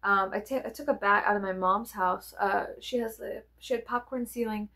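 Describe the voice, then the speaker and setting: A woman, telling rambling stories in a chatty, profane, animated way. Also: medium pitch, moderate pace. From American South. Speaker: vlogger. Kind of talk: rambling casual storytelling.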